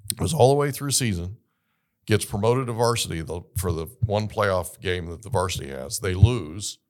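A middle-aged man hosting an interview, telling a lively story and acting out the dialogue. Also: low-pitched, normal speed. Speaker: podcast host.

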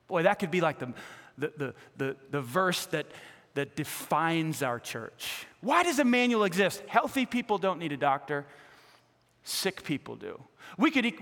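A male pastor preaching a sermon with animated delivery, acting out the voices of people in the stories he tells. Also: sits high, in a large hall. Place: church sanctuary.

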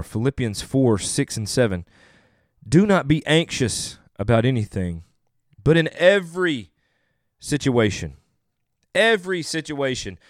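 A man's voice: fairly low pitch, darkish tone, dry recording, studio quality. A young adult man, a pastor, delivering an earnest sermon with emphatic, repeated phrases.

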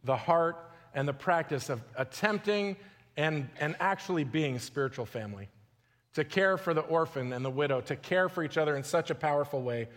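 Guy in his 40s preaching a sermon, casual storytelling, voice on the higher side, big echoey church hall. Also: animated, normal speed, a bit bright. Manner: conversational, storytelling, repeats words. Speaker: pastor. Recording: long hall reverb.

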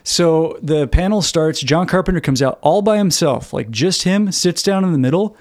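Animated male podcast storyteller. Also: a little high, normal speed, dry recording, clean studio sound. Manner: animated storyteller, lots of "like" fillers. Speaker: podcast co-host. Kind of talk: casual chat.

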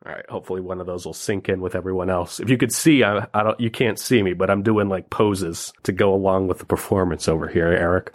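A playful, energetic man with a slightly hoarse throat, recording bits for a podcast. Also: deep voice, fast, hardly any pauses. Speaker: podcast contributor. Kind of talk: casual recorded message.

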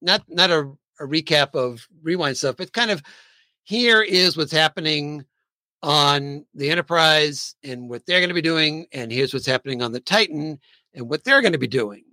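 A man's voice: a little high, lively intonation, normal speed, bright, forceful tone, dry recording. A man hosting a casual podcast chat and keeping the discussion moving. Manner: steers the talk along. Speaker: podcast host.

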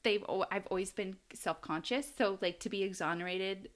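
A woman's voice: mid-range voice, normal speed. A woman co-hosting a casual true-crime podcast, rambling and laughing often as she talks. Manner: giggly, rambling, frequent laughter. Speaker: podcast co-host.

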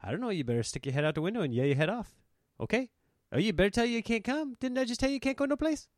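A man's voice: sits high, animated, a little mellow, dry recording, clean studio sound, voice pushed up. A man doing an impression of a comedian's scolding, exasperated father from a stand-up special. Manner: barking, fast, scolding. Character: gruff exasperated stand-up dad scolding family.

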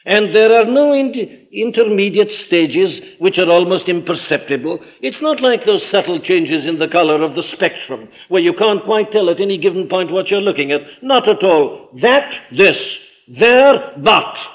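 Emphatic male preacher with lively pitch. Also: a little slow, few pauses. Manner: emphatic, dramatic swings in pitch and loudness. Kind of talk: sermon.

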